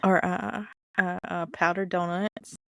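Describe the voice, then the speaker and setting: A woman's voice: on the low side, measured pace, no echo. A woman in her thirties with a Southern US accent, co-hosting a podcast in casual, giggly chat. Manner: chatty, giggly, animated storytelling. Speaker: podcast co-host.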